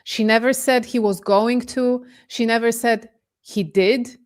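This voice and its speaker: A woman from Poland, a guest on a casual podcast discussion, talking with animated, incredulous emphasis over a remote call. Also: on the high side, unhurried. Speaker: guest commentator.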